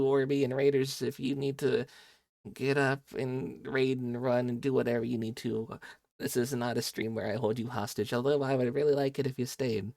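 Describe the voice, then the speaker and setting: A man's voice: medium pitch, steady tone, normal speed, vocal fry, a little mellow, no room sound, clean studio sound. A young man streaming a game, chatting playfully with his viewers as he plays, on a headset mic. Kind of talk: casual live game-stream chat with viewers.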